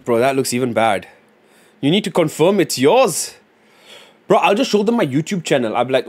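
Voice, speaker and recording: A man's voice: mid-range voice, sing-song, normal speed, slightly rough. A young man from Singapore chatting casually on a livestream, joking and rambling. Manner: joking, rambling, lots of fillers and "bro". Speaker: streamer.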